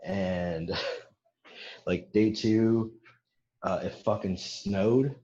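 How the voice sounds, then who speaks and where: Very slow and fairly low-pitched, a young man relates a lengthy war story in casual podcast conversation, full of swearing, laughter, and animated bursts quoting others. The sound is roomy and lo-fi.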